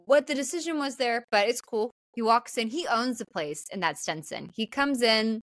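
A woman co-hosting a casual podcast and recapping a film in detail. She is animated, laughs easily and acts out bits of dialogue as she tells the story. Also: fairly high pitch, moderate pace, dry recording. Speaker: podcast co-host.

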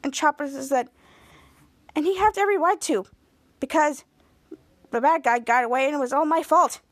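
A woman hosting a podcast, casually retelling a TV episode in a lively way and acting out the characters' lines as she goes. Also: high-pitched, normal speed, dry recording, studio quality. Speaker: podcast host.

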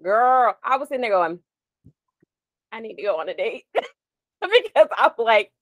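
A woman in her forties chats on a podcast with a higher-than-usual voice that rises and falls a lot. She tells stories with plenty of laughter and wanders onto side topics. The sound is close and dry. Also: measured pace, no echo. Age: 40s. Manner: animated, laughing storyteller who drifts off on tangents. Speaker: podcast co-host. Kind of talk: casual chat.

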